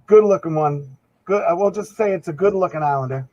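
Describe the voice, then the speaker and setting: A fairly high, brisk male voice with a darkish tone comes through a low-quality recording. The speaker, a band musician appearing on a podcast, chats casually in long rambling stories and dramatizes the quotes.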